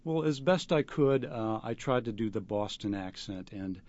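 A man, an actor, answering interview questions in a halting way, with many fillers and restarts. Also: fairly low pitch, lively intonation, a little mellow. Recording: dull lo-fi radio recording.

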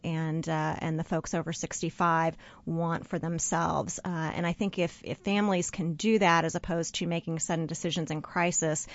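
A woman guest on a radio talk show explains in an earnest way, often restarting her sentences. Her voice sits a little low. The sound is dry and slightly muffled, with no room echo. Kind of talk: radio interview.

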